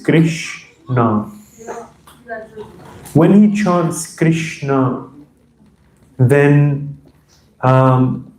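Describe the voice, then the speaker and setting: A man's voice: on the high side, dark tone, echoey room, low-quality recording. A man giving a reverent, reflective devotional lecture that weaves in recited verses. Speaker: speaker giving a talk on scripture.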